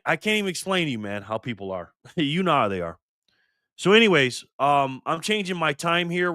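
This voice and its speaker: A man's voice: on the high side, pushed and bright, no echo, studio quality. An older man hosting a casual live stream, fired up and swearing, greeting viewers in the chat by name. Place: garage.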